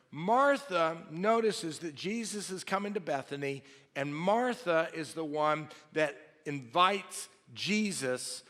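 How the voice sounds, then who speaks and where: A pastor in his fifties preaches in a high, bright voice that carries with force. He tells his story animatedly and acts out the people in it. The sound rings with long reverb from a big church sanctuary. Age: 50s. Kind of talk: sermon. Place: large church hall.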